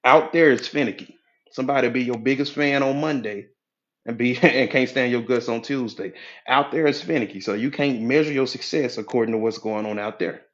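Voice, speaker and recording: A man's voice: medium pitch, a little fast. Preachy folksy man, dull lo-fi sound. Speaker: motivational speaker, hypnotherapy coach. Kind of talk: motivational talk in a live audio room. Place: live audio app room.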